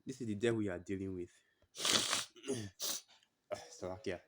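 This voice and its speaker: A man's voice: on the low side, unhurried, noisy background. A man giving blunt, profane religious commentary that he breaks up with scripture readings, repeating his phrases for emphasis.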